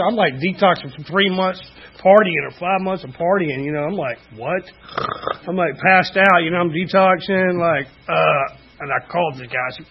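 A man's voice: a little high, expressive, moderate pace, breathy edge, dull audio. A middle-aged man giving a candid, rambling personal testimony at a recovery meeting, full of "you know" fillers. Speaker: speaker sharing recovery story.

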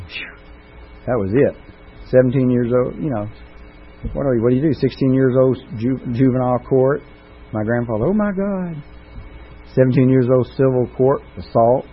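A man's voice: medium pitch, husky. A middle-aged man giving a recovery meeting testimony, telling his story with folksy, self-mocking humor. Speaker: recovery speaker. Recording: tinny phone-like recording with faint noise.

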